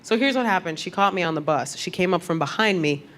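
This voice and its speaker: A woman's voice: fairly low pitch, animated, fast, a bit bright, slight background noise. A woman performing a stand-up comedy set, acting out the people she quotes with big jumps in her voice.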